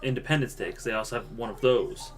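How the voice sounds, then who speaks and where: Man, podcast co-host, casual chat, joking, animated delivery, average pitch. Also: quick pace, faint music behind. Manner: joking, animated, mock voices when quoting.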